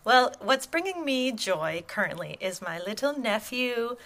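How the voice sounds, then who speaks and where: A woman co-hosting a casual podcast, giggly and earnest in her chat. Her voice is high and bright and swings widely in pitch. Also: animated, measured pace. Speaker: podcast co-host.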